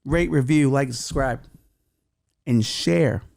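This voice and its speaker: A man hosting a comedy podcast, delivering sarcastic, deadpan rants with crude jokes. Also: mid-range voice, moderate pace, vocal fry, pauses often, no echo, clean studio sound. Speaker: podcast host. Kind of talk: comedic monologue.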